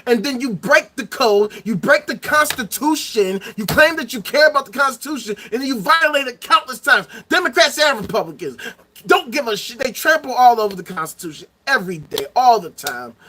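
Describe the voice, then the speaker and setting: A man's voice: very high voice, lively intonation, fairly quick, pushed and bright, slight background noise. A man ranting angrily into the camera, profane and heated, hammering points home by repeating them. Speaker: vlogger. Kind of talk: angry ranting monologue.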